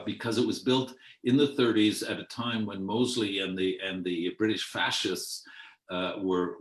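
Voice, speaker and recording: An older man from Canada rambling through memories of his theatre career on a streamed video call, unhurried and hesitant with many ums and restarts. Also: lowish voice. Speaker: outgoing artistic director telling his theatre life. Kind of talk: rambling spoken memoir.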